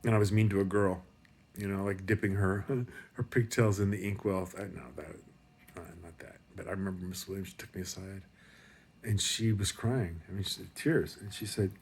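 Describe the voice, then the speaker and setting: A man's voice: low-pitched, fairly even intonation, moderate pace, a little mellow, slight background noise. A man giving a rambling, profane pep talk in a casual monologue. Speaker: motivational speaker.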